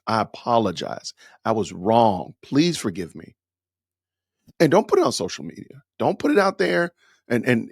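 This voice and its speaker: A man's voice: mid-range voice, dry recording, studio quality. A man hosting a podcast, giving emphatic, lecturing, repetitive commentary. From Atlanta, USA. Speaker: podcast host.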